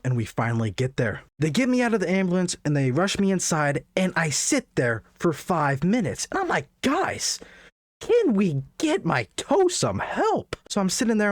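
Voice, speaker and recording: A young man in his late teens or twenties, telling a jokey story for his vlog with sudden high squeaks of excitement. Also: no room sound, studio quality. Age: young adult. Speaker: vlogger.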